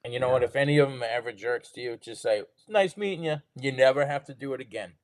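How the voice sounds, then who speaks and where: A man's voice: medium pitch, fairly even intonation, rapid-fire, no room sound. A man from New England, a guest in a casual interview, telling earnest, rambling stories. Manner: earnest, rambling storyteller with restarts. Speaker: guest, drummer and record store owner.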